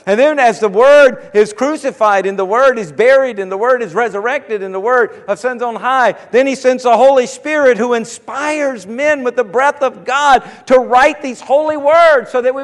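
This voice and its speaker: A man preaches with a notably high voice, driving his points home through repetition and building to fervent calls. The sound carries a long reverb, as if recorded in a church hall. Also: moderate pace, hardly any pauses. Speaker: pastor. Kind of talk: sermon.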